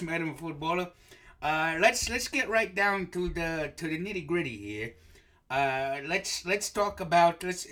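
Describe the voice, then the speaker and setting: A man's voice: fairly high pitch, lively intonation, moderate pace, fairly bright tone. A male podcast host with a loose, profane delivery. He rambles through his setup, tacking "okay?" onto his sentences and leaning on filler words. It is a comedy podcast monologue.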